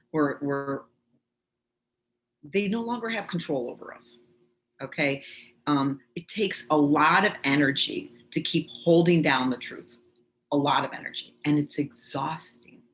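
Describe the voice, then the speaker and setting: A woman's voice: low voice, unhurried, long pauses. A woman leading a live online tapping workshop, chatty and reassuring, demonstrating as she talks over a video call. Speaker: tapping instructor.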